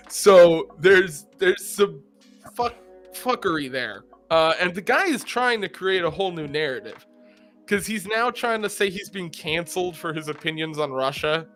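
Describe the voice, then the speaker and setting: Podcast guy, high sharp voice, swears a lot, emphatic, faint music behind. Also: a little slow. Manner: profane, emphatic, animated. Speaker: podcast co-host. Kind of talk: casual crude banter.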